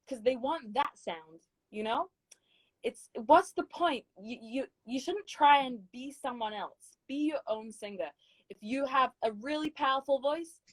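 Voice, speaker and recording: A woman's voice: fairly high pitch, no echo, low-quality recording. Emphatic British woman, dry close sound. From Britain. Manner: encouraging, emphatic advice-giving. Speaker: guest singer. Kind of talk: casual video chat interview.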